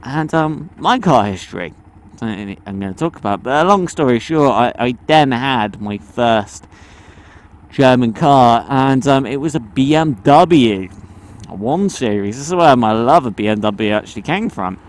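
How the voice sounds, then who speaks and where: Animated, swearing British man vlogging. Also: a little slow. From United Kingdom. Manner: animated, swearing, jumps between high and low pitch. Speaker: motovlogger. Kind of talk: casual vlog monologue.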